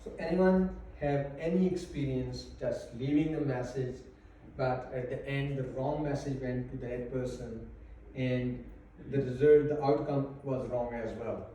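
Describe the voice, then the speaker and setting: A man teaching a class, explaining slowly and carefully with pauses. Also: mid-range voice, fairly even intonation, dark tone, a little hiss or hum. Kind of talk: classroom lesson. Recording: echoey room, mic far off.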